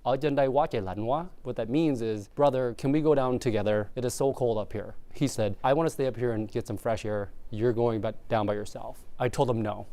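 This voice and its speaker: A man's voice: mid-range voice, fairly quick, hardly any pauses, mellow, clear, resonant tone. A young adult man from Vietnam, earnest and reflective, recounting what happened to him in an interview. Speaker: interviewee, local prosecutor. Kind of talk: emotional first-person recounting.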